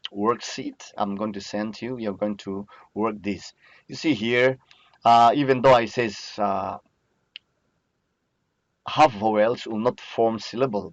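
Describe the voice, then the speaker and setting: A man with a lowish voice and talks through a recorded lesson at an unhurried pace, repeating each word to drill it. The sound is dry and dull, like a plain lo-fi recording. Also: no room sound. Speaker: Biblical Hebrew teacher. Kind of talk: recorded lecture over slides.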